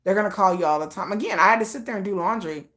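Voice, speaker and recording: A woman hosting a casual livestream chat, telling stories in an animated way and acting out bits of quoted dialogue. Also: medium pitch, rapid-fire. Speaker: livestream host.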